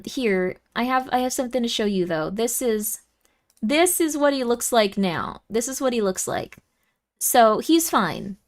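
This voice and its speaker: A young woman streaming and chatting casually with viewers, giggly and easily moved, with lots of fillers. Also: high voice.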